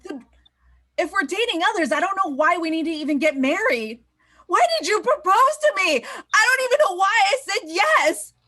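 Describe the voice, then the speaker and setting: A woman's voice: very high-pitched, lively intonation, moderate pace, pushed and bright, exaggerated voice. A woman playing a blunt, restless girlfriend. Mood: exasperated. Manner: blunt, exasperated. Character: restless young woman, breaking up with fiancé. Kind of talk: improv scene. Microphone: video call.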